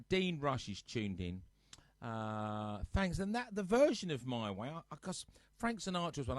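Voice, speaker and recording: A man's voice: medium pitch, dry recording. A man casually chatting to live viewers on his home sofa show, teasing them and reading out their comments. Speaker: host of a live-streamed music show.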